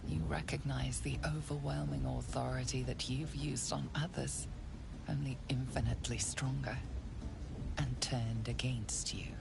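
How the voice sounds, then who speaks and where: A woman giving measured, ominous second-person narration as a game's storyteller. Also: extremely low pitch, steady tone, gravelly, full character voice. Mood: hushed, ominous. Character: low-voiced female storyteller, ominous, calm. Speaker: game narrator. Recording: noisy game capture.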